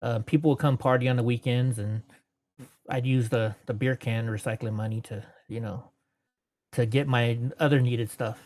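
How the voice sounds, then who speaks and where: A man's voice: medium pitch, fairly even intonation, moderate pace, a little mellow. A man in his forties telling long stories as an interview guest, rambling and correcting himself as he goes. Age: 40s. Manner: rambling, self-correcting, laughs between anecdotes; puts on voices when quoting people. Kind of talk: storytelling in casual interview.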